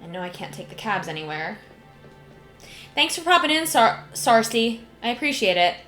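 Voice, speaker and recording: A young woman streaming a video game, chatting casually and emotionally with lots of fillers and soft laughs. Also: on the high side, big pitch swings, normal speed. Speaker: gaming streamer. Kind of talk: casual let's-play commentary. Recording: echoey room, game music behind.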